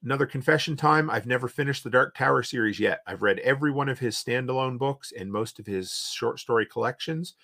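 A man's voice: mid-range voice, a little fast, vocal fry, hardly any pauses, bright, forceful tone. A man with an Eastern Canadian accent, hosting a casual livestream and reading viewer comments aloud with rambling reactions. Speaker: podcast host.

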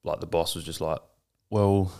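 A man's voice: low voice, fast. A young man with an Australian accent hosting a podcast, talking in a laid-back casual way and swearing often. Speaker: podcast host. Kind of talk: casual chat.

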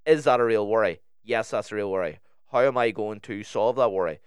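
Smooth low-voiced man chatting candidly. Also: brisk, dry recording, clean studio sound. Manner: candid, swears freely, tells stories with restarts. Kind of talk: casual chat.

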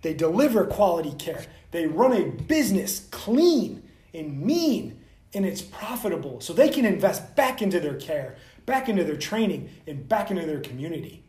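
A man hosting a vlog, ranting bluntly and profanely straight to the camera as a soft tissue clinician. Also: on the high side, big pitch swings, moderate pace, reverberant.

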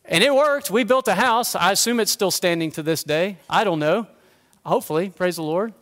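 A man delivers a Sunday sermon in a high, light voice. He talks casually and pokes fun at himself, then settles into a quiet, earnest tone. His voice rings out with a long church reverb. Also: normal speed. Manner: conversational, self-deprecating humor, drops to a quiet earnest tone. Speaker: pastor. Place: church sanctuary.

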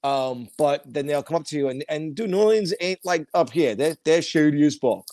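Man, blunt, profane, rambling, casual chat, fairly high voice. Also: animated, brisk, a little mellow, no echo.

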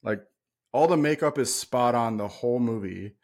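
A man's voice: mid-range voice, normal speed, a little mellow. A man co-hosting a casual movie podcast, talking bluntly and ranting with plenty of swearing. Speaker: podcast co-host. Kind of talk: casual chat.

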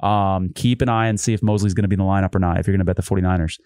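A man's voice: low-pitched, steady tone, very fast, a little mellow, no echo. A man hosting a sports betting podcast, telling stories animatedly and swearing freely. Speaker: podcast host. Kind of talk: casual sports betting chat.

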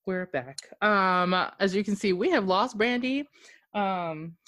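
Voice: mid-range voice, takes it slowly, no room sound. Podcast host, casual rambling chat, laughs a lot, dry close sound. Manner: rambling and animated, many "like" fillers; laughs often.

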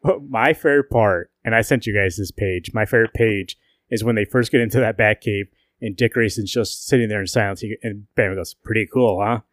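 A man's voice: lowish voice, fairly quick, no echo, studio quality. A man co-hosting a casual comic book podcast, swearing and acting out lines from the comics. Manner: animated, swears a lot, acts out quotes. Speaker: podcast co-host.

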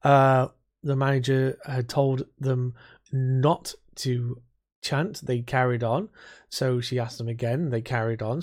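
A man co-hosting a podcast, telling blunt, sweary anecdotes in casual chat. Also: medium pitch. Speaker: podcast co-host.

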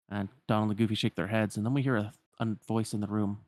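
A man's voice: fairly low pitch, flat delivery, fast talker, hardly any pauses, darkish tone, no echo. Casual man retelling a story. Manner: casual, frequent "like" fillers.

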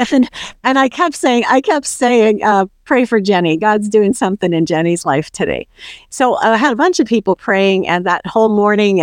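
A middle-aged woman tells a personal story of faith as a guest, moving quickly and warmly through the events. She drops into little voices when she quotes other people. Her voice sits in an ordinary middle range and sounds close and dry, with no room around it. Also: medium pitch, no echo. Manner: animated, acts out quoted voices. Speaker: podcast guest.

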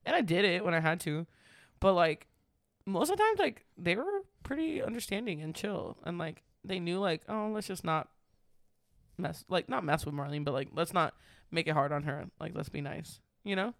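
A woman's voice: on the low side, expressive, moderate pace, no echo, studio quality. A young woman telling work stories in a casual chat, packed with "like" fillers. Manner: chatty, storytelling, heavy "like" filler.

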